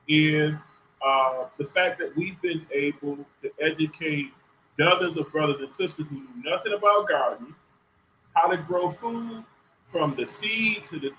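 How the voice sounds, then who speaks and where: A man being interviewed as a community organizer, talking in an earnest, measured way. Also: on the high side, bright, forceful tone, slight background noise, low-quality recording. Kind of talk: radio interview answer.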